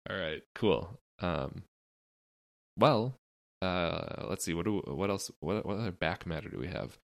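A man's voice: low-pitched, lively intonation, measured pace, gravelly, no echo, clean studio sound. A young man co-hosting a podcast, rambling loosely and cracking crude jokes. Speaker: podcast co-host. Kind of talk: casual chat.

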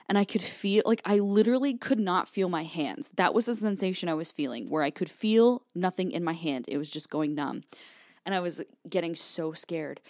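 A woman's voice: fairly low pitch, normal speed, darkish tone, no echo, studio quality. A young woman hosting her own podcast, telling a personal story candidly, swearing freely and acting out her past thoughts. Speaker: podcast host.

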